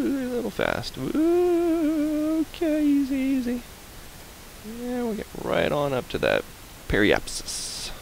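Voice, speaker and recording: A playful man hosting a game playthrough, talking low with a gravelly edge and swinging his pitch a lot. He chats loosely and hums along while he plays. A faint hiss sits under the recording. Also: poor audio. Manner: chatty, playful, hums and repeats fillers. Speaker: let's play host. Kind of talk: casual game commentary.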